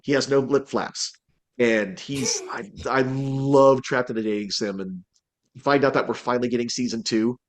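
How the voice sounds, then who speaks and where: A man's voice: mid-range voice, normal speed. A man, a voice actor, chatting casually in an interview, rambling with restarts and acting out quotes. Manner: rambling, many restarts and fillers, animated quotes. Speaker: voice actor guest.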